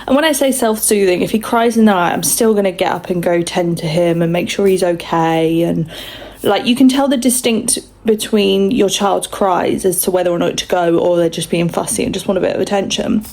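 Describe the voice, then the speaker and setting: A woman's voice: fairly low pitch, brisk, a little mellow. A young woman, chatting casually at home in a rambling, self-mocking vlog. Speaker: vlogger mum.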